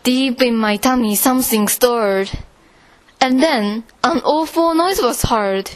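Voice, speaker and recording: Woman storyteller, high voice, slow measured verse reading. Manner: slow and expressive. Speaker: reader. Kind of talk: storytelling a rhyming poem.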